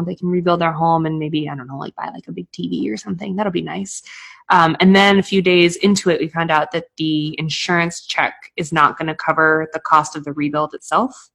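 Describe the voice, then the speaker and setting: A woman's voice: fairly low pitch, gravelly, fairly bright tone. A woman, chatting casually on a podcast, filling her talk with "like". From New England. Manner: chatty, full of "like" fillers. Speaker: podcast co-host.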